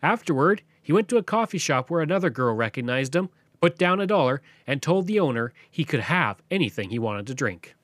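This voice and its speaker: A man hosting a podcast, narrating history from a script in a lively storytelling way. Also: on the high side, fairly quick, few pauses, no echo. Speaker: podcast host.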